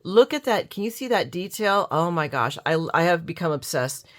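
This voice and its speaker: Middle-aged woman, craft vlogger, low-ish but bright and punchy voice, gushing and exclamatory unboxing chat. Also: animated, moderate pace. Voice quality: gushing, exclamatory, restarts a lot.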